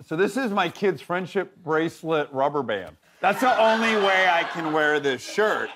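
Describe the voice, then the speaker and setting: A man who is a talk show guest, telling comedic stories in an animated way and laughing often. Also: a little high, normal speed, heavy background noise. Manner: animated, laughing, jumps into quoted voices. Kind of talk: comedic storytelling.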